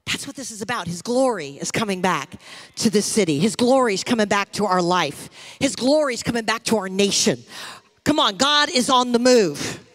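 A woman's voice: medium pitch, expressive, moderate pace, fairly bright tone. A middle-aged woman pastor preaching a sermon with rising fervor to her church. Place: church sanctuary.

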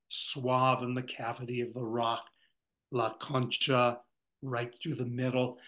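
A man leading a poetry workshop, reading lines aloud and then pausing to explain them. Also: medium pitch, a bit bright, low-quality recording. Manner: reads lines slowly, then glosses them. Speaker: workshop facilitator.

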